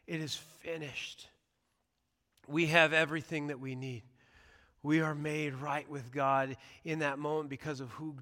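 A male pastor with a high, bright voice delivers a conversational but earnest sermon. His tone stays clean and smooth, and a long hall reverb rings around it in the church sanctuary.

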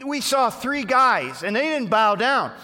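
A man's voice: on the high side, big pitch swings, moderate pace, a bit bright, pitched above the performer's own voice. A male pastor acting out fawning royal advisors who tattle to the king, sounding whiny and indignant. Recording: reverberant church hall.

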